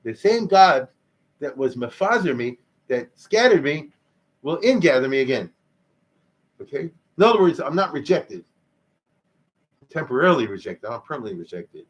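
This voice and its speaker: Rabbi guy lecturing, husky voice, animated and chatty, mid pitch. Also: moderate pace, pauses often. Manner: animated, conversational teaching with Yiddish-Hebrew terms. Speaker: rabbi teaching Jewish history. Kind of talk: lecture explaining Hebrew liturgy.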